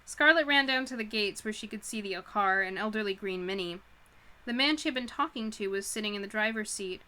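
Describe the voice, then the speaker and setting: A woman reading a novel aloud for a live audience, with a bright, crisp voice. She breaks off often for casual, chatty asides and reactions. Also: medium pitch, brisk. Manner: stops to comment and react informally. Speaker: streamer reading a book aloud.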